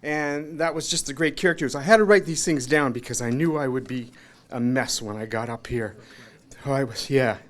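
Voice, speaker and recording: A man's voice: mid-range voice, moderate pace. A man giving an informal memorial tribute at a restaurant gathering, rambling through anecdotes, acting out other people's lines, emotional and laughing between lines. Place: restaurant, gathering of friends and family.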